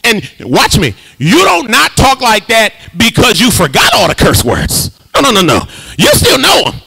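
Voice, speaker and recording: Lively, high-voiced preacher with a gravelly edge. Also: male voice, normal speed, low-quality recording. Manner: lively call-and-response preaching with humor and sing-song rises. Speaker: pastor. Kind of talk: sermon. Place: church sanctuary.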